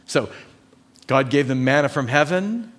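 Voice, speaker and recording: A man's voice: mid-range voice, lively intonation, unhurried, a bit bright. A man preaching a sermon as pastor, emphatic, repeating his key points and asking his listeners questions.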